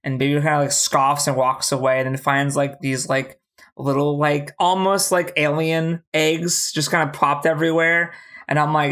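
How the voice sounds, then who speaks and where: A podcast co-host rattling through a TV episode recap in loose, casual chat. The delivery is profane and animated, slipping into quick acted-out lines for the characters. Pitch sits in an ordinary middle range.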